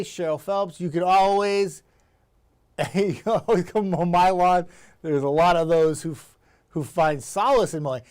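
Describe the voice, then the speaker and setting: A man's voice: sits high, darkish tone. A male TV meteorologist chatting casually on a livestream, upbeat and talkative, laughing often and greeting viewers by name. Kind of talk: casual livestream chat reading viewer comments.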